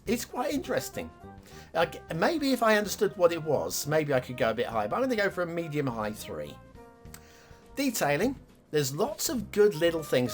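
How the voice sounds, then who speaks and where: A man hosting a game map review show, chatting casually, joking and giggling as he talks over gameplay footage. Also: on the high side. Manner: chatty, giggly, jokey asides.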